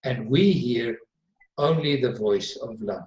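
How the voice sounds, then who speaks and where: A man's voice: mid-range voice, lively intonation, takes it slowly, a little mellow. Earnest man teaching in an echoey room. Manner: earnest, emphatic, repeats words for stress. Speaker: Bible teacher. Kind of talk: conversational teaching discussion. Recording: roomy echo.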